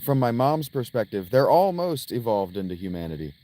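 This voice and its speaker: An American man chatting through a game stream, rambling from joke to joke and answering his viewers. His voice sits in a mid register and moves around with lively ups and downs. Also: mid-range voice, a little fast. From United States. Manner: rambling, jokey, talks to chat. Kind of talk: casual gameplay commentary.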